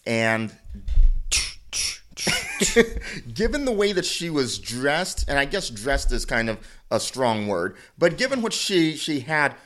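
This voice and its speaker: A man's voice: mid-range voice, sing-song, slow pace, pauses often, a bit bright. A man co-hosting a podcast, rambling through a story with restarts and frequent laughter. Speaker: podcast co-host. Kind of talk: casual chat, storytelling.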